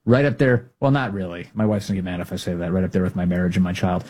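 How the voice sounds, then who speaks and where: A man's voice: low-pitched, steady tone, quick pace, hardly any pauses, darkish tone. A male talk show host giving casual political commentary, joking and candid, often restarting his sentences and laughing.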